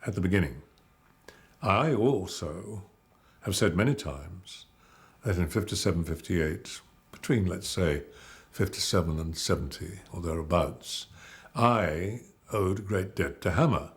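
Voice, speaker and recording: Older man w a really deep voice, actor in an interview, slow storyteller who wanders off on tangents. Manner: measured, anecdotal storytelling with digressions. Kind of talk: reminiscing interview.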